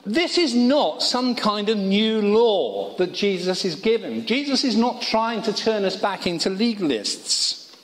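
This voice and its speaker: Man preaching, high voice, very lively pitch, conversational with jokey asides, long hall reverb. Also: unhurried. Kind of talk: sermon. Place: college worship hall.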